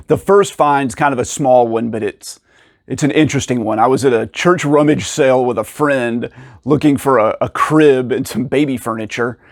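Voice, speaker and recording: A man casually telling stories about finding rare video games, acting out the people in them with sudden jumps in pitch and frequent laughs. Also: normal speed, no echo, clean studio sound. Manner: animated, acts out quoted dialogue with pitch jumps. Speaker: video game collector and channel host. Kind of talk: casual storytelling to camera.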